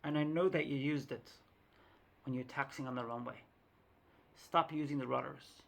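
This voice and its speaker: A woman's voice: rumbling low, steady tone, moderate pace, vocal fry, pitched below the performer's own voice. A woman doing a stubborn ten-year-old boy. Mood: insistent. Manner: stubborn, whiny insistence.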